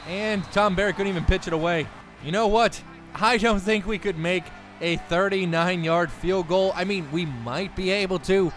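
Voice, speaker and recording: A young man with a high voice narrates a football video game in loose, joking play-by-play. He jumps into quick excited outbursts, and his voice cracks here and there. Faint game music plays underneath. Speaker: gaming YouTuber.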